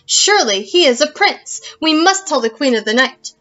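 A woman's voice: high voice, lively intonation, moderate pace, a bit bright, dull audio, soft background music. A woman voicing three brave young female archers in a storybook tale, who speak with eager curiosity. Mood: curious.

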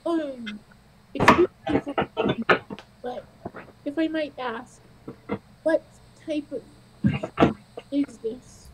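A woman's voice: high-pitched, very slow, long pauses, very noisy. A woman voicing a tiny, polite kobold fighter who speaks formally.

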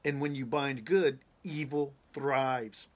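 A solemn voice from heaven speaks in drawn-out, measured phrases, like an angel pronouncing judgment. A male preacher voices it as he retells a dream. Each word is weighty and deliberate. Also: mid-range voice, fairly even intonation. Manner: slow, measured, proclaiming.

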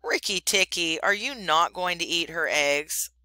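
A woman reads as a boastful, feather-brained little bird from a storybook. He gushes in a high, sing-song way, and the tone stays bright and clear. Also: unhurried, no room sound. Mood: gushing. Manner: sing-song, gushing, excitable. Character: silly little male tailorbird, boastful and scatterbrained.

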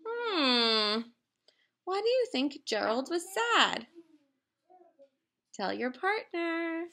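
A woman teaching first graders in a recorded read-aloud lesson, speaking in a gentle, instructive tone to children. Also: very high-pitched, big pitch swings, slow, gravelly.

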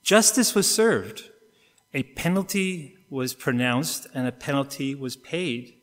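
A man's voice: mid-range voice, animated, takes it slowly. Man preaching in an echoey church. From Canada. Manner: storytelling with acted-out quotes, wide swings in loudness and pace. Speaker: pastor. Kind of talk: sermon. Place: church sanctuary. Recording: long reverb of a church hall.

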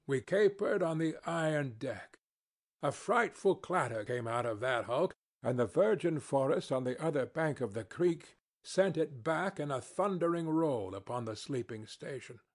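A man narrating an audiobook in a measured, deliberate storytelling manner. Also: a little high, expressive.

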